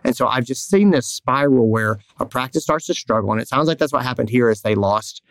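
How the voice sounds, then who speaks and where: Brisk and mid-range, with no room sound at all, this vet's voice carries his podcast as he chats casually. He rambles candidly through lively stories, performing the quoted lines as he goes.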